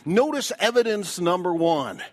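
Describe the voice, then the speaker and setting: A middle-aged male pastor preaching a sermon, swinging from loud cries to hushed whispers. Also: sits high, lively intonation, normal speed.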